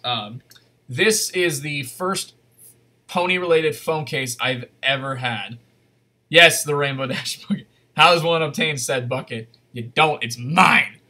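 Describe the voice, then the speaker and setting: A man telling a casual, rambling story on a convention panel, full of fillers and laughs, with high animated voices for the people he quotes. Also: slight background noise.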